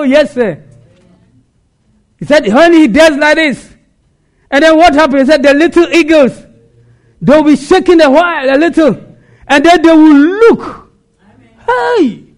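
A man preaching a sermon, asking rhetorical questions and answering them, sometimes shouting. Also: extremely high pitch.

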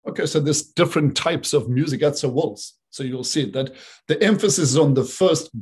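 A man's voice: a little high, normal speed, a little mellow, breathy edge. A man presenting a talk, explaining rhythm and imitating beats with sung syllables. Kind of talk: talk with played video clips.

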